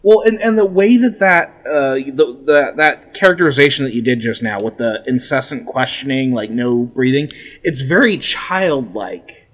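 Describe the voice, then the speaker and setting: A man's voice: medium pitch, expressive, moderate pace, fairly bright tone. A young adult man co-hosting a podcast, chatting casually and laughing along. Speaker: podcast co-host. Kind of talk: casual comedic chat.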